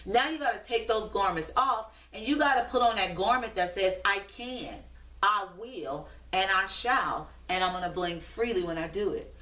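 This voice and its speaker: A woman's voice: medium pitch, animated, normal speed, pushed and bright. A woman hosting a motivational show, giving a preachy, rhythmic pep talk to the viewers. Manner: preachy, repetitive, rhythmic exhortation. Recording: roomy echo, distant from mic.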